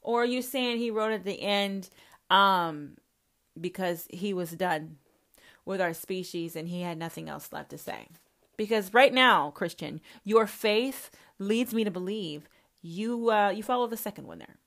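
A woman's voice: mid-range voice, normal speed, a bit bright. A woman hosting a podcast, talking in a confrontational monologue that is full of swearing and speaks straight to the listener. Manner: confrontational, swears constantly, addresses listener directly. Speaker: podcast host. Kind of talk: profane monologue.

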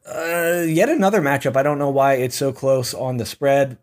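A young male podcast host talks through his football picks at a middle pitch. His delivery is casual and opinionated, and he often laughs at his own jokes. He tends to drift into ranting. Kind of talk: casual sports betting chat.

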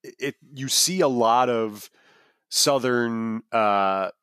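Man, podcast co-host, casual rambling chat, lots of "like", middle pitch, dry. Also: extremely slow, fairly bright tone, smooth, no echo. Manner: rambling, many fillers and restarts.

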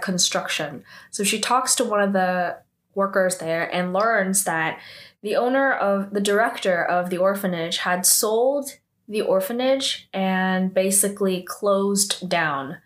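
A woman with a mid-pitched voice walks through a drama episode in a relaxed, offhand way. Her talk is scattered with fillers and small restarts, and she drops in her own opinions as she goes. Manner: loose and chatty, full of "like" and "um" fillers. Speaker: drama recapper. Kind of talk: casual spoken recap of a TV drama episode.

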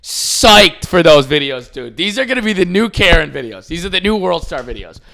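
Male podcast co-host, bright lively voice, riffing, profane, does quick impressions. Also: sits high, creaky. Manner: animated, swearing, laughing, mimicking voices. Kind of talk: casual comedic podcast chat.

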